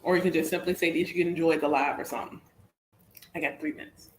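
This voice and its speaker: Deep-voiced and steady in tone, this fast-talking Southern US woman chats casually as a spiritual reader on a livestream. She wanders in repetitive circles and calls her audience y'all, heard in an echoey room with slight background noise.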